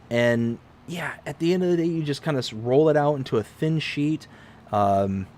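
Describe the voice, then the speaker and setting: Man, 40s, from michigan, casual game-stream chatter, rambling, pitch swings up and down. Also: a little hiss or hum. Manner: rambling, jumps to high pitch when excited. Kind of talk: casual live-stream chat while playing.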